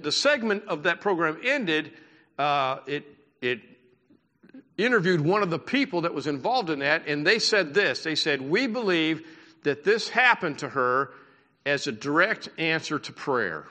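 Male pastor, conversational sermon, bright forceful tone, higher-pitched, church hall reverb. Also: expressive, measured pace. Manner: conversational preaching with asides and laughter.

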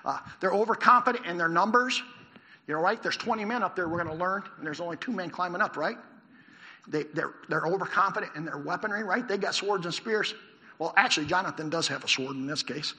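Animated preacher man, gravelly and bright. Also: high-pitched, a little fast. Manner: animated, asks the congregation questions. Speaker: pastor. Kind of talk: sermon. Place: church hall with a congregation. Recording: long hall reverb.

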